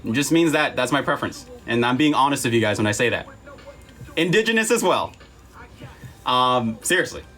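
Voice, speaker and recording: A man's voice: medium pitch, sing-song, brisk, pauses often, fairly bright tone, faint music behind. A man talking earnestly on a livestream, emphatic and apologetic, repeating himself and close to tears.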